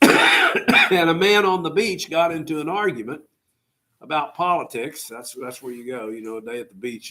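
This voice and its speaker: A man's voice: medium pitch, a bit bright. A middle-aged man giving a classroom history lecture, asking rhetorical questions and telling students what to write down. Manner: conversational, rhetorical questions, tells students to take notes. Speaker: history teacher.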